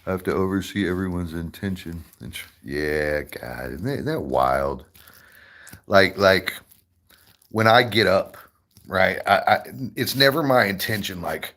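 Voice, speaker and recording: A man's voice: sits low, lively intonation, a little slow, fairly bright tone. A man hosting a casual livestream, rambling, swearing freely and laughing often. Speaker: livestream host. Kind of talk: casual livestream chat while eating.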